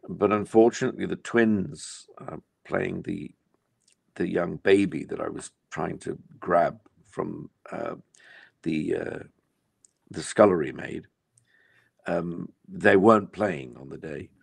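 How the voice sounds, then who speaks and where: Here an older actor from England is the guest in a relaxed interview, musing and wandering with plenty of filler words. He speaks slowly in a low register, with vocal fry and a breathy edge, and the recording is dry.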